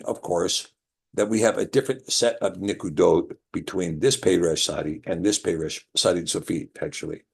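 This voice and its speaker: A man with a low, husky voice leads a scripture lesson. He explains slowly and repeats key words to let them sink in. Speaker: Bible teacher. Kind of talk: scripture lesson with a drawing board.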